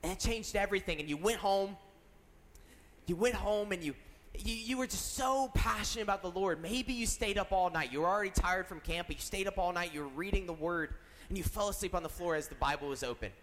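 A man's voice: high voice, a little fast, fairly bright tone, a little hiss or hum. A young man preaching as a youth pastor, earnest and storytelling, joking at himself and asking the audience questions. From South Carolina. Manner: earnest, storytelling, self-deprecating jokes, asks the audience. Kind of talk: sermon. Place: large church hall. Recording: reverberant hall.

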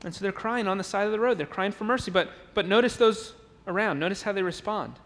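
A man delivers a sermon from the pulpit of a church sanctuary, and his voice sits unusually high for a man. He pushes his points with emphasis and repeated words, sometimes acting out the voices of a crowd. Long reverb from the hall trails behind him. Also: fast, a bit bright. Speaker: pastor.

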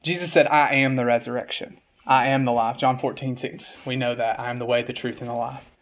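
A man's voice: mid-range voice, fairly even intonation. Man preaching with repeated rhythmic phrases. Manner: reads scripture aloud, slowing down for emphasis. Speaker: pastor. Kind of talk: sermon.

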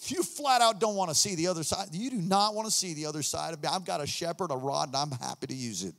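A man preaching a sermon as pastor, animated, swinging between low murmurs and shouts. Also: fast talker, creaky. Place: church hall. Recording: long hall reverb.

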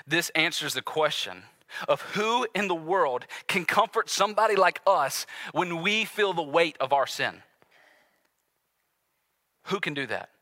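A man preaching a sermon, telling the story with dramatic swings between loud outbursts and hushed passages, acting out the voices in it. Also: fairly high pitch, no room sound.

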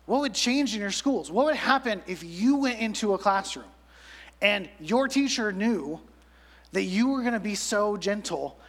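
A man's voice: high-pitched, lively intonation, normal speed, fairly bright tone. A young man preaching a sermon to a youth congregation, chatty and full of "like" fillers, acting out quotes as he goes. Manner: conversational, lots of "like" fillers, acts out quotes. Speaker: pastor. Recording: long hall reverb.

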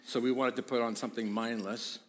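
A man preaching a sermon, moving from easy conversational talk to loud, emphatic exhortation. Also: mid-range voice, level tone, brisk. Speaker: pastor. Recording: echoey hall with long reverb.

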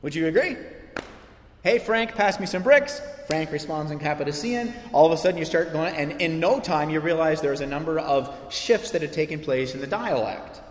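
A man preaching a sermon as pastor, animated and conversational, with frequent asides to his listeners. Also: a little high, fairly quick, few pauses. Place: church sanctuary. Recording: echoey church hall.

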